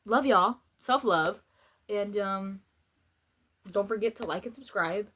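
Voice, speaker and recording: A woman's voice: medium pitch, slow, a bit bright. A young woman vlogging, rambling and swearing casually as she eats spicy noodles, her mouth still burning. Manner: rambling, swears a lot, restarts often. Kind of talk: casual rant while eating.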